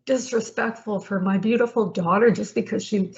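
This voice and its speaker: A woman's voice: medium pitch, fairly even intonation, moderate pace, darkish tone. A woman in her fifties, a podcast guest telling an emotional personal story in a rambling way, with restarts and acted-out dialogue. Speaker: guest, co-founder of a sports league. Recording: slightly muffled recording.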